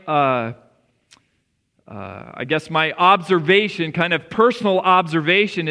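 High-voiced preacher in a reverberant hall. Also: male voice, pushed and bright. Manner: earnest, conversational preaching with rising emphasis. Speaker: pastor. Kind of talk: sermon. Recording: long reverb of a church hall.

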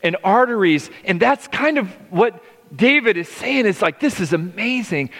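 Middle-aged male pastor, emphatic sermon delivery, bright tone, long hall reverb. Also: high voice, expressive. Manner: emphatic, drawn-out words with frequent restarts.

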